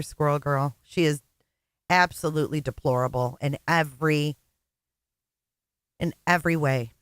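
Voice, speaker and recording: A woman's voice: low voice, dry recording, clean studio sound. A woman co-hosting a casual livestream, blunt and exasperated, swearing freely.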